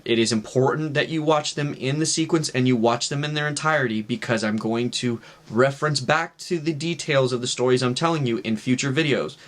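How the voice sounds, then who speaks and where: A man in his thirties telling a personal testimony in casual, earnest storytelling, with fillers like "right" and "like". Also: medium pitch. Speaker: vlogger sharing a testimony.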